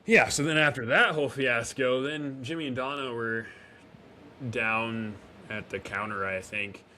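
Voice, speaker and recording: A man's voice: mid-range voice, unhurried, pushed and bright. A man casually recapping an episode as a podcast co-host, with fillers and self-corrections. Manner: acts out character lines while recapping. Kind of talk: casual review chat.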